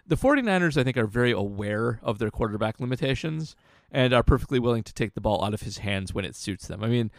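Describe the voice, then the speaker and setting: A man with a gravelly, fry-tinged voice talks through football strategy on a podcast, stopping and restarting his sentences as he thinks. The sound is dry and close, with no room around it. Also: medium pitch, animated, no echo. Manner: analytical, halting with restarts. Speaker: podcast co-host, football analyst. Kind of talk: casual sports podcast talk.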